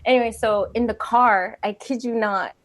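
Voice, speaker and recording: Animated woman sharing a personal story. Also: a little high, normal speed. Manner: animated storytelling with laughter and sudden hushed moments. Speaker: retreat participant sharing a question. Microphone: video call.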